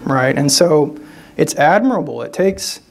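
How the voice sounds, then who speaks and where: A guest speaker giving a sermon in a fairly high-pitched male voice. He preaches in an easy, conversational way, often circling back and restarting phrases and checking in with the congregation. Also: lively intonation, a little slow, creaky. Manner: conversational preaching with frequent "right?" tags and restarts.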